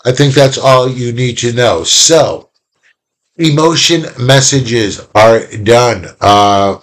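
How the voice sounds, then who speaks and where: Male teacher, deeper voice, chatty and animated, a casual video lesson with bits of play-acting. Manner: animated, chatty, acts out little quoted exchanges.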